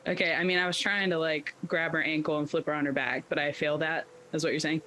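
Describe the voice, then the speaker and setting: A man's voice: a little high, little pitch movement, quick pace, pushed and bright, slight background noise, poor audio. A man playing a tabletop game, rambling through his character's actions with lots of filler words. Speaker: player.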